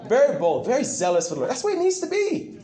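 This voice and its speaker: Speaking very fast in a very high voice, this man delivers a fervent sermon full of repetition and animated anecdotes. The room around him echoes.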